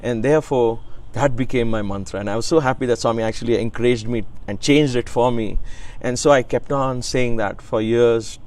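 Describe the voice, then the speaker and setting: A man's voice: medium pitch, fairly quick, hardly any pauses. Earnest man telling a devotional story. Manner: earnest, reverent, quotes his teacher with lively emphasis. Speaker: interview guest. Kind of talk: conversational storytelling.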